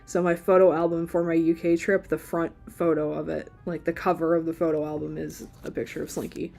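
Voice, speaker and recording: A woman's voice: low-pitched, level tone, a little fast, gravelly, warm tone, faint music behind. A woman streaming live as she draws, chatting casually in a rambling, playful way and laughing often. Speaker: livestream artist. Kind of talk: casual chat while drawing.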